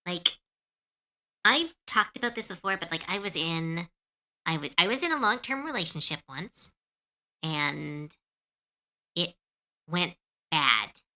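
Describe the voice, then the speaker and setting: A woman streamer chats with her viewers in a bright, forward voice that swings widely in pitch. She sounds earnest and comforting, and her talk is loose and full of fillers. Her voice sits a little low for a woman. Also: very animated, slow, long pauses. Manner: laughs easily when unsure. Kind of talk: casual chat with chat viewers.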